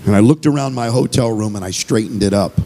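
A man's voice: lowish voice, fast talker, creaky, dark tone. A man giving an earnest, conversational sermon as a visiting speaker and singer, repeating phrases as he goes.

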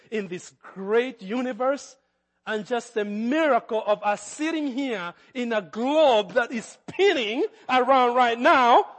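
A man's voice: very high voice, long reverb tail. A man with a Kenyan accent preaching a sermon as pastor, with hesitant fillers that build to fervent emphasis.

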